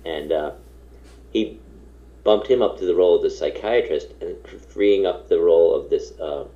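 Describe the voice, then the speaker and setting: Deep, mellow man telling a rambling story. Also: normal speed, lo-fi sound. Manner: rambling, self-interrupting storyteller who acts out quoted voices. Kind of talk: casual anecdote.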